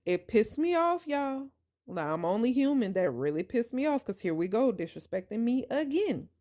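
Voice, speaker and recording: A woman hosting a podcast, telling a personal story in an emphatic, animated way and talking straight to her listeners. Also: fairly high pitch, moderate pace. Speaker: podcast host.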